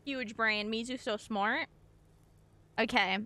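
A young woman streaming a game, giving bubbly, excitable commentary and talking to her chat. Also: on the high side, takes it slowly, no echo. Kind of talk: gameplay commentary.

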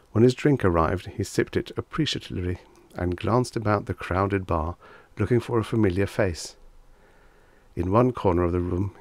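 Low-voiced male audiobook narrator. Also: a little mellow, dry recording. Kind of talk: vintage short story narration.

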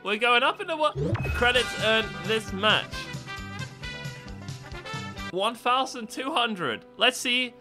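A man giving casual, excitable commentary over his own gameplay, swearing and yelling at the game. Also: very high-pitched, slow, long pauses, over music. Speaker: gaming video host.

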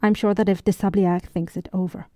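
A woman reading the lines of a calm, diplomatic young male lieutenant in an audiobook, in a soothing, reasonable manner. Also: mid-range voice, fairly quick, no echo, lightly acted. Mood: placating.

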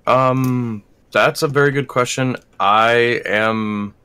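A man chats casually as a player in a tabletop role-playing game, often stopping and restarting his sentences. His tone is bright and forceful. The sound is dry and close. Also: mid-range voice, slow pace, smooth, dry recording. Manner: hesitant, trailing off.

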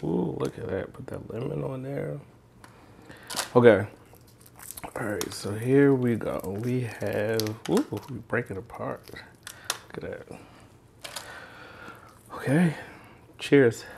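A home cooking channel host samples food in his kitchen, addressing viewers eagerly and casually. He speaks slowly with a mid-range, gravelly, darkish voice and frequent pauses; the handheld mic picks up a little hiss or hum.

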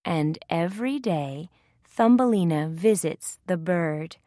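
Woman storyteller for kids, very slow, dry close mic. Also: lowish voice, expressive, dark tone, no room sound. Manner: very slow, clear and simple. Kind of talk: children's story reading.

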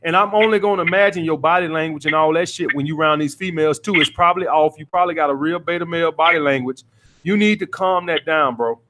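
High-voiced blunt profane coach. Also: male voice, quick pace, noisy background. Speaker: dating coach taking calls. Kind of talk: call-in advice show.

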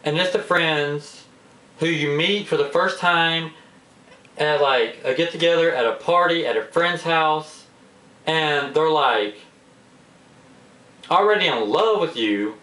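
A man with a slightly high voice, talking in a casual, exasperated rant straight to the camera. He sounds a little away from the mic, and the room around him is echoey. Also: takes it slowly, pauses often, distant mic. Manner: exasperated, animated complaining. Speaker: vlogger. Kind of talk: casual ranting monologue. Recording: roomy echo, a bit off-mic.

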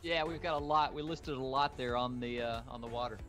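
A man's voice: mid-range voice, a little fast, fairly bright tone, faint music behind. A man co-hosting a casual live stream about drones, easygoing with a dry sense of humor. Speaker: co-host, drone pilot. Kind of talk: casual chat.

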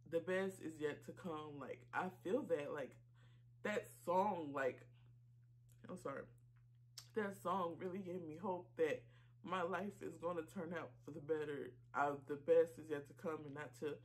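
Tearful woman vlogger, halting and emotional. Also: on the low side. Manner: emotional, halting, full of fillers and apologies. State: tearful, choked up. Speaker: YouTube reaction channel host. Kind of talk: casual reaction vlog talk.

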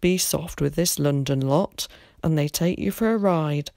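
A woman's voice: sits low, a little slow, warm tone, dry recording, clean studio sound. A woman voicing a blunt, suspicious middle-aged shopkeeper. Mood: grumbling. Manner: blunt, grumbling.

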